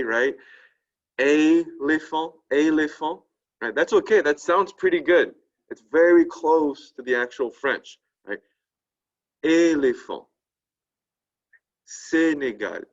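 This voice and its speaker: A man teaching a French lesson, constantly checking in with "right?" and slowly repeating French words for students to copy. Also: fairly high pitch, fairly bright tone. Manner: tags sentences with a questioning "right?". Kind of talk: classroom lesson. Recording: dull lo-fi recording.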